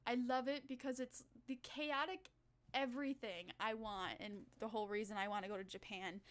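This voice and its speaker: Young woman vtuber ranting about arcades, high voice, swears a lot, gets super excited. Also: moderate pace. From United States. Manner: excitable, profane, rambling. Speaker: Vtuber streamer. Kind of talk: casual reaction commentary.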